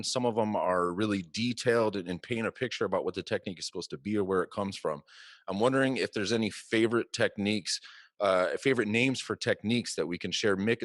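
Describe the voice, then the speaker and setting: A man's voice: on the low side, a bit bright, dry recording, studio quality. A man who hosts the discussion and runs a martial arts gym, leading the talk in a thoughtful, casual way. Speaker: host. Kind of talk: casual chat.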